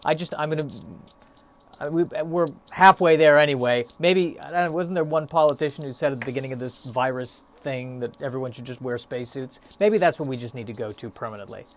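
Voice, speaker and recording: A young man talks alone into his podcast mic, in a loose, stop-start monologue full of self-mocking asides and fillers. He sounds a little out of breath. His voice sits at an ordinary middle pitch. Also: brisk. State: a bit out of breath. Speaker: solo podcast host. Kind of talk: rambling solo podcast monologue.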